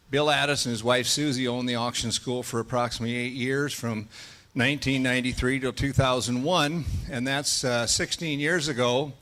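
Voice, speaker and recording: A middle-aged man, giving a folksy welcome speech at an event in a hotel room, with many fillers. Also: medium pitch. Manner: loud drilled chanting of tongue twisters and number scales. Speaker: auction school president.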